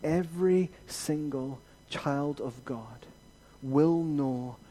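A man preaching a sermon as pastor, rising to emphatic peaks and then dropping to quiet reassurance. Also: a little high, drawn-out words, slight background noise.

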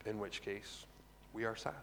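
A man giving a conversational sermon, animated and chatty, with asides to the congregation. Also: lowish voice, unhurried, vocal fry, slight background noise. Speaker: preacher. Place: church hall. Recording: long reverb of a large hall.

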